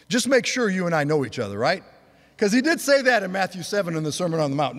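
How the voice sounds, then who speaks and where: A man's voice: high-pitched, big pitch swings, a little fast, vocal fry, fairly bright tone. A man in his sixties, preaching a sermon: he rambles through a personal story, then builds to fervent preaching. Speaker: pastor. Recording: long hall reverb.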